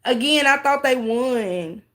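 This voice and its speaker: A woman's voice: high voice, slow, a bit bright. A woman hosting a casual livestream, mocking a clip she reacts to and talking straight to her viewers with laughing asides. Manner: talks straight to chat, thanks viewers.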